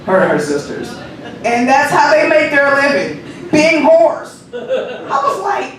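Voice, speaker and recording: A man's voice: very high voice, measured pace. A man rehearsing a stand-up comedy set, telling profane stories with lots of energy and laughing at his own jokes. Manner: profane, animated storytelling. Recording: echoey room, mic far off, noisy.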